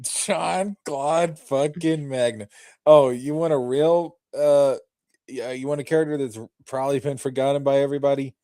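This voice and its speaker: A young man of middling pitch trading blunt, casually profane remarks on a podcast. The recording is close and dry. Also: steady tone, normal speed, warm tone, no room sound. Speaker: podcast co-host. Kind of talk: casual chat.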